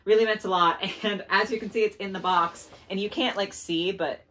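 A young woman chatting casually in a doll haul video, gushing and excitable, laughing often and saying "like" a lot. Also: medium pitch, normal speed, slight background noise. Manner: gushing, excitable, giggly, lots of "like". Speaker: doll collector vlogger.

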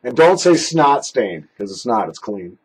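A man's voice: mid-range voice, sing-song, a little slow, darkish tone, slightly rough, poor audio. A man casually reviewing snuff at home in a basement, joking and mock-dramatic. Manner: joking, mock-dramatic, jokey put-on Irish phrases.

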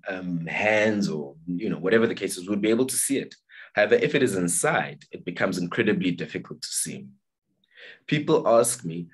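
A man presenting as a psychotherapist in an online workshop over a video call, talking fast and earnestly and often restarting with fillers. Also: deep voice, slightly rough.

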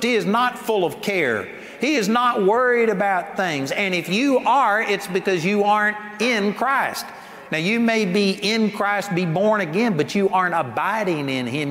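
An older man with a high, slightly bright voice preaches a sermon in an emphatic, folksy style, frequently laughing as he speaks. A long hall reverb and faint ambient noise surround the recording.

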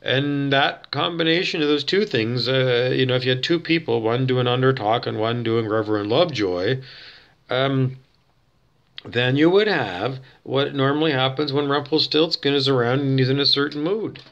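A man's voice: mid-range voice, normal speed, fairly bright tone, highs cut off. Rambling man hosting a talk show. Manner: digressive, thinks aloud with many fillers and restarts. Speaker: show host. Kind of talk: rambling casual monologue.

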